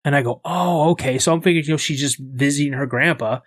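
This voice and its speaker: A man from the United States, a podcast guest, telling a story in a casual, animated way and acting out the voices in it. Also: medium pitch, fast, dry recording.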